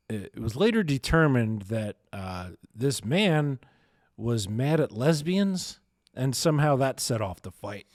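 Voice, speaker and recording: A man's voice: mid-range voice, darkish tone, no echo, clean studio sound. A man co-hosting a podcast, telling a story in casual chat with many fillers and frequent laughs. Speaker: podcast co-host.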